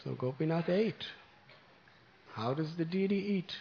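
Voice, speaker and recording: A man preaching, telling a devotional story to a congregation with gentle, animated delivery. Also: fairly high pitch, unhurried, gravelly, muffled recording, a little hiss or hum.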